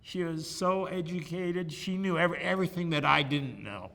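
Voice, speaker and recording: A man's voice: a little high, moderate pace, pushed and bright. An older man telling personal stories in an oral history interview, chatty and joking, on a lapel mic. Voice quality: gravelly. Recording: room with long reverb, faint ambience.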